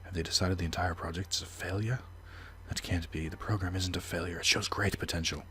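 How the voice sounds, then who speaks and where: A man's voice: low-pitched, steady tone, brisk, pushed and bright, slight background noise. A man voicing a secretive male scientist who guards his research, reading it in a put-on, hard-to-place accent. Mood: determined.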